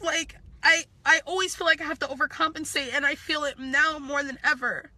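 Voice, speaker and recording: A young woman vlogger, crying and nervous, talking haltingly in an emotional monologue and repeating her words. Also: high voice, steady tone, pushed and bright, no room sound. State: tearful, crying. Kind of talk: emotional live-stream monologue.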